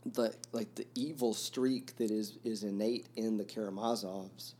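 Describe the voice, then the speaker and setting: A man hosting a podcast about a novel, talking reflectively and haltingly, with many fillers and restarts. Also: lowish voice, fairly even intonation, warm tone, a little hiss or hum. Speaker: podcast host discussing a novel. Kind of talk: reflective casual talk.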